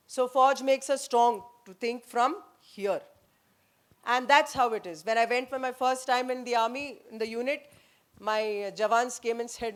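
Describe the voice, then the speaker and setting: A middle-aged woman with an Indian English accent shares stories from her years as an army officer at a leadership summit. Her voice sits a little high, and she narrates with lively, emphatic energy. She acts out quotes and drives her points home. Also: measured pace. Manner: lively storyteller who acts out quotes and slips into Hindi; emphatic, punchy declarations. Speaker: former army officer speaking on a panel. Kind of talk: anecdotal speech at a leadership summit.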